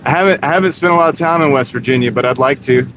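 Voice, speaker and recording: A man's voice: mid-range voice, rapid-fire. A man from North Carolina chatting casually to his livestream viewers while driving, laid-back and full of "dude". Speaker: delivery driver and livestreamer. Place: inside a moving car. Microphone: wireless clip-on mic. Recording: car road noise behind.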